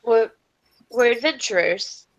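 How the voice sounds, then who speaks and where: A woman's voice: on the high side, slow pace, highs cut off. A woman playing a tabletop game, speaking in character in an earnest, questioning way. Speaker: player.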